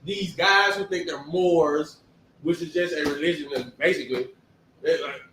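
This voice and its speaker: A man giving a conversational sermon, talking in an animated, emphatic way and firing off rhetorical questions. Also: fairly high pitch, normal speed, a little hiss or hum. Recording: echoey room, distant mic.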